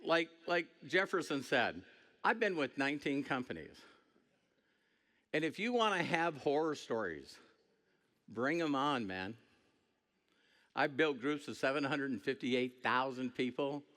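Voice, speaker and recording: A middle-aged man giving a motivational stage speech, animated and joking, breaking into shouts. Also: medium pitch, measured pace, long pauses. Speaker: network marketing speaker. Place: stage before a large audience.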